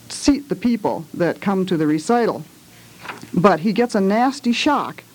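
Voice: mid-range voice, a little mellow, rough recording. A parent reading children's books aloud, with hesitant chatty asides between passages. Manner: measured, with small hesitations in asides. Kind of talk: read-aloud storytelling with asides.

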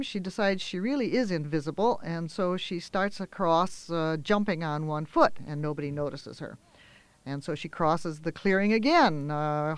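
High-voiced man reading a story. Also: clear, resonant tone, no echo. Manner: gentle, expressive storytelling with small fillers. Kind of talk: reading a children's story aloud.

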